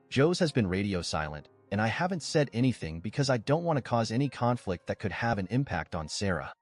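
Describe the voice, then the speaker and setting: Man, narrator, reading online stories, low voice, lively intonation, faint music behind.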